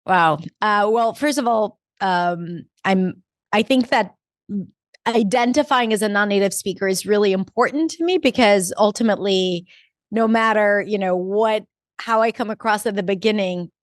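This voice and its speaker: A woman from Israel, an English teacher, answering podcast interview questions in an articulate, deliberate way and stretching key words. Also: medium pitch, no room sound, clean studio sound.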